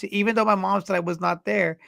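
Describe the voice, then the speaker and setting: A man's voice: sits high, fairly even intonation, fairly quick, vocal fry, a bit bright, dry recording. A man in his forties co-hosting a podcast, rambling through stories in casual chat and swearing freely. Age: 40s. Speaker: podcast co-host.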